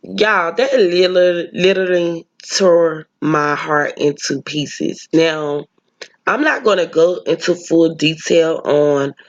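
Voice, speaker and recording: A woman's voice: low voice, muffled recording. A woman vlogger telling a personal story, talking earnestly and emotionally straight to her viewers.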